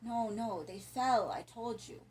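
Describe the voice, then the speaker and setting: A woman voicing a dying foreign man with a thick accent, speaking softly and slowly in pain. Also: high voice, poor audio. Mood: faint. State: weak, in pain.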